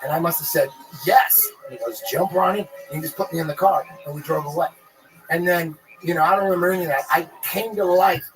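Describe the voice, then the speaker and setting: A man telling a rambling, profane story in casual podcast chat, animated and full of restarts. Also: a little high, fast talker, over music, poor audio.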